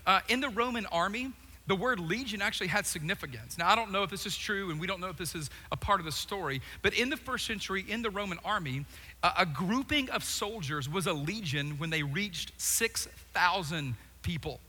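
A man preaching a sermon, telling the story with humor, quick asides and acted-out voices. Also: high voice, animated, bright, forceful tone, breathy edge. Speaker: pastor. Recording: long hall reverb.

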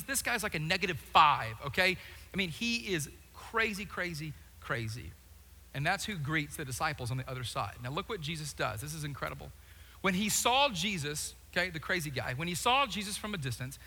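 A man preaching a sermon, telling the story with humor, quick asides and acted-out voices. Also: high-pitched, sharp tone. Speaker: pastor. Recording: long hall reverb.

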